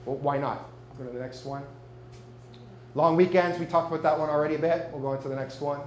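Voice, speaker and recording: Speaking quickly in a steady tone, a man with a fairly high pitch addresses an audience at a marketing meetup. He keeps it chatty and jokey with frequent questions to the crowd; the room echoes and hums faintly.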